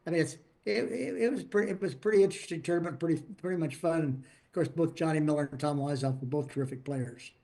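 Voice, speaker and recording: An older man with a slightly raised pitch, telling a long story as a podcast guest. He rambles, stumbles over his words and starts sentences again. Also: fast, vocal fry, hardly any pauses, mellow. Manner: rambling, frequent restarts and repeated words. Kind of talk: casual storytelling.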